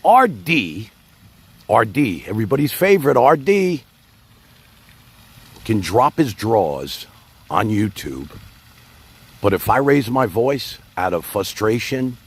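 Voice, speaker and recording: A man's voice: lowish voice, sing-song, takes it slowly, long pauses, breathy edge. A man hosting his own livestream, rambling casually and talking straight to his chat. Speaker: livestream host.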